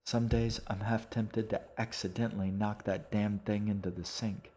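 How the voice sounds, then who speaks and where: A man's voice: lowish voice, level tone, normal speed, darkish tone, lightly acted. A man voicing a weary, glum male dragon who smokes and grumbles. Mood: grumbling.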